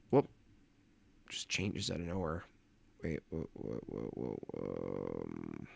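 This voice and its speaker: A man's voice: lowish voice, creaky, dry recording. A man hosting a livestream, reading chat donations and commenting in a rambling, distracted way, often muttering to himself.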